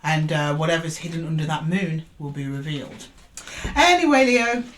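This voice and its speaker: A woman's voice: lowish voice, a little hiss or hum. A woman giving a casual tarot reading, chatty and coaxing as she calls for cards and talks to her viewers. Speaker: tarot reader.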